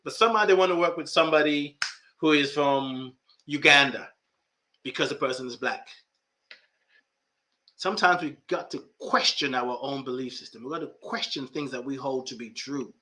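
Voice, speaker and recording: A man's voice: mid-range voice, normal speed, pushed and bright. A man hosting a podcast as a life coach, speaking emphatically and talking straight to his listeners in a reflective monologue. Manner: emphatic, talks to listeners directly.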